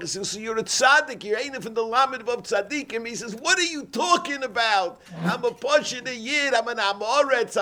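Animated high-voiced man giving a sermon. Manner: animated storyteller, acts out characters, cries out. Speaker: rabbi. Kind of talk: sermon with storytelling.

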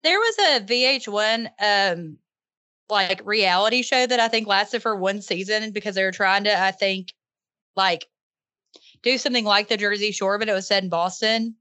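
Chatty podcast host lady, giggly, bright tone, dry sound. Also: mid-range voice, moderate pace, dry recording. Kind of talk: casual chat.

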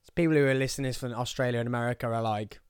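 A man in his thirties with a Birmingham accent chats through his solo podcast, joking and wandering off on tangents. His voice sits at an ordinary pitch, and the sound is close and dry with no room echo. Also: steady tone, rapid-fire, clean tone. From England. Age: 30s. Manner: rambling, jokey, goes off on tangents. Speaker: podcast host. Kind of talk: casual solo podcast chat. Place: small studio.

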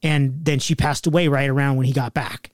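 A man in his forties telling a family story in casual chat, swearing often and breaking into loud outbursts. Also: medium pitch, steady tone, fairly quick, no room sound, clean studio sound.

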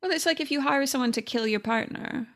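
A woman's voice: high-pitched, fairly quick. A woman with a Californian accent, co-hosting a casual true-crime podcast and telling the story with playful asides. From United States. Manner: animated storytelling with playful impressions. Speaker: podcast co-host.

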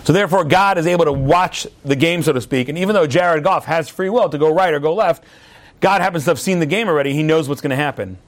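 Man, rabbi, high voice, lively storytelling class. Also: fast talker. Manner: lively storyteller, acts out yelling at a TV. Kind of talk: animated classroom teaching.

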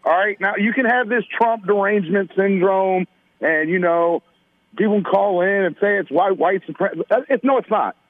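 A man's voice: high-pitched, moderate pace, no echo. Insistent male caller on a phone line. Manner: insistent, talks over the host. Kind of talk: call-in radio argument. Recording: dry tinny phone line.

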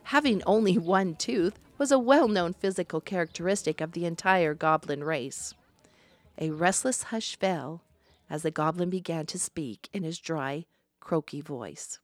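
A woman narrating a fantasy storybook in a measured, descriptive manner. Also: fairly low pitch.

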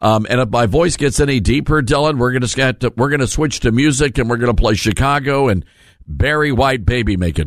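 A man's voice: medium pitch, lively intonation, a little fast, no room sound. A man hosting a conservative talk radio show from a studio, telling folksy joking stories with a froggy voice from the flu. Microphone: studio mic.

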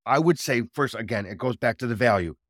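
A man guest talking casually about his business in an interview, energetic and repeating words for emphasis. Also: medium pitch, fast talker, dry recording, clean studio sound. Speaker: guest, drone business owner.

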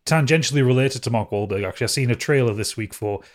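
A man's voice: mid-range voice, quick pace. Casual, swearing man in podcast chat. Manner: swears, repeats words when starting. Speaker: podcast co-host.

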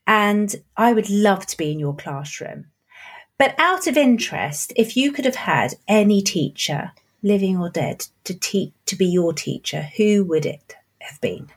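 A woman hosting a podcast interview, encouraging her guest and talking in quick bursts. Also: medium pitch, animated, husky. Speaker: podcast host.

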